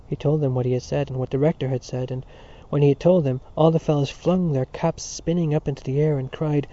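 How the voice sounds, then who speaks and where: A man reading a novel aloud as narrator in a measured storytelling manner. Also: fairly high pitch, fairly even intonation, warm tone. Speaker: audiobook narrator. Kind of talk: scripted narration. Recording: dull lo-fi recording.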